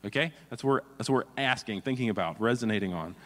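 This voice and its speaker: Pastor preaching, earnest, reads scripture, long hall echo. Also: male voice, on the low side, quick pace, fairly bright tone. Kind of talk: sermon.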